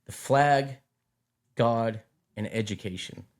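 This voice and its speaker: A middle-aged man talks at a middle pitch in casual conversation. He tells his stories in an animated way and often repeats his phrases as he goes. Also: takes it slowly. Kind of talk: casual chat.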